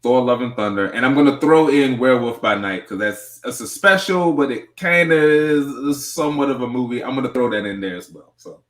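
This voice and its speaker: A man hosting a casual movie review chat, speaking in a relaxed, hedging way and often repeating his words. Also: mid-range voice, brisk, hardly any pauses, echoey room. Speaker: show host.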